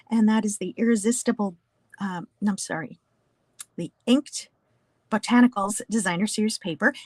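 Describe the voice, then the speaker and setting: A woman's voice: mid-range voice, dry recording. A woman from New Jersey teaching a casual card-making class, chatty and talking through each step with small asides. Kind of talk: casual craft tutorial.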